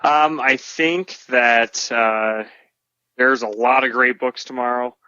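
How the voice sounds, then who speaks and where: A man's voice: mid-range voice, fairly even intonation, slow pace, bright, forceful tone, clear, resonant tone, dry recording. A man co-hosting a comics podcast in casual chat, upbeat and enthusiastic. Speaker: podcast co-host. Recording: dull lo-fi dry sound.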